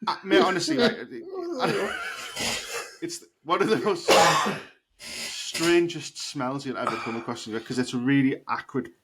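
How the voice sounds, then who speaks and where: A man's voice: fairly high pitch, a little slow. A man co-hosting a podcast, telling a rambling story in casual chat and swearing freely. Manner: animated, swearing, laughing storyteller. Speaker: podcast co-host. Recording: noisy podcast recording.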